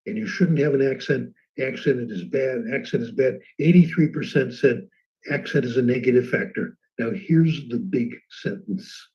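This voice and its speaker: A man giving a conversational lecture on language learning, telling anecdotes and slowing down for emphasis. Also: mid-range voice, slightly rough. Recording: dull muffled lecture recording.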